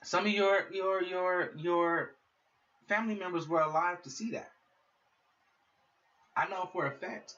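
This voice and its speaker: A man's voice: high-pitched, unhurried, pauses often, pushed and bright. A man hosting his own podcast, delivering a heated, profane solo rant aimed straight at his listeners. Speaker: podcast host. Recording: dull lo-fi sound, mic set back.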